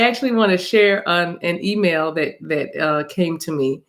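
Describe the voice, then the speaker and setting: A woman's voice: on the low side, brisk, hardly any pauses, fairly bright tone. Woman, spiritual reader, casual livestream chat, laughs often, says y'all, recorded on a phone. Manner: laughing, chatty, addresses viewers as y'all. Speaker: spiritual reader and channel host.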